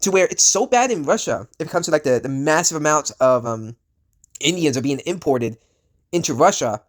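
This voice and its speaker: A man who is sick and coughing, ranting in casual commentary. He rambles bluntly, with lots of fillers and swearing. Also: on the high side. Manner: rambling, full of fillers and restarts, blunt and profane. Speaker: vlogger.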